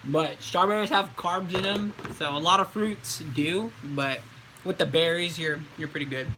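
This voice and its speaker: A man's voice: on the high side, moderate pace, bright, forceful tone, a little hiss or hum, poor audio. A man in his twenties, a voice actor, chatting casually on a live stream and answering viewer questions in a laid-back way.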